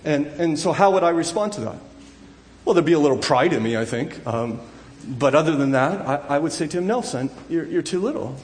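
High-voiced man preaching in an echoey hall. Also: animated, a little fast. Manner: conversational, frequent restarts and asides, rising to loud emotional cries. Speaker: pastor. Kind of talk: sermon.

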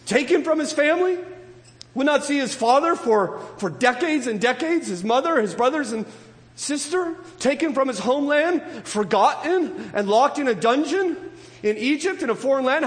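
A man with a high voice preaches a sermon, his words trailing off into the long reverb of a large hall. He keeps turning to his congregation with rhetorical questions. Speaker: pastor.

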